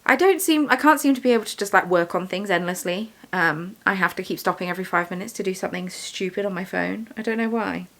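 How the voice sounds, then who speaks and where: A fast talker who hardly pauses, this young woman has a medium-pitched, slightly bright voice. She's a vlogger, yarn dyer, and shop owner, rambling chattily and poking fun at herself as she does bead weaving.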